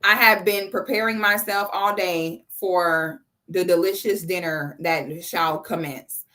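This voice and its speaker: Slow-paced and steady, with a fairly low pitch and a bright, forceful tone, this woman in her 30s runs a casual live stream. She gushes and chats while reading viewers' messages aloud and thanking each one by name.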